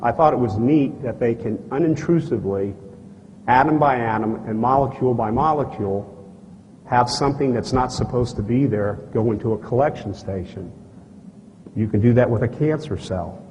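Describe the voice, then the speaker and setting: A man of average pitch tells a personal story at a conference, blunt and folksy, acting out the exchanges and clearing his throat now and then. His voice rings with the long reverb of a large hall. A faint hiss sits under this archival recording. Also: normal speed, muffled recording. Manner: animated storyteller who acts out dialogue and gestures; blunt and folksy, with frequent asides to the audience. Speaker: speaker at a conference. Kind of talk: live lecture, personal storytelling. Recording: archival talk, echoey hall, faint noise.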